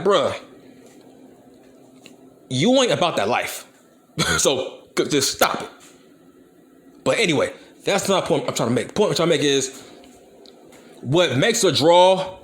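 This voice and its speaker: Channel host, young man, blunt and profane, lively higher voice. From Compton, California. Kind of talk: ranting commentary video.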